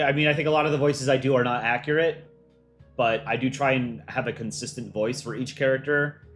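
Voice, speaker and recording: A man hosting a casual livestream for a cartoon channel, reading viewer questions and thinking aloud in a relaxed, offhand way. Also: lowish voice. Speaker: livestream host for a countryball animation channel.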